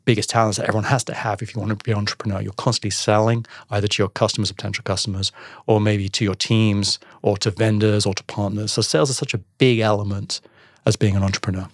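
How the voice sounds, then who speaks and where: A man telling a personal business story in a casual interview, acting out the dialogue with animated voices. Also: lowish voice, fast, no echo, clean studio sound. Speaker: podcast guest, entrepreneur.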